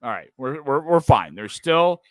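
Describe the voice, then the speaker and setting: A man's voice: mid-range voice, big pitch swings, a little slow, dry recording. A man hosting a live football watch-party stream, reacting with exasperation, swearing and repeating himself. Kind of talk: live sports reaction chat.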